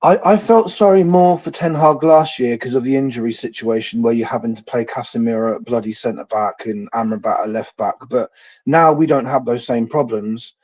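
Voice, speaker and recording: A man's voice: mid-range voice, moderate pace, a little mellow. A man joining a football watchalong as co-host, talking bluntly in a laid-back way and calling people mate and bro. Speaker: co-host on call. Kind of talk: casual football chat.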